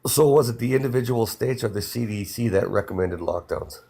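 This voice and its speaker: A man's voice: medium pitch, brisk, creaky, warm tone. A man guest-debating on a political livestream, firing off terse, needling questions.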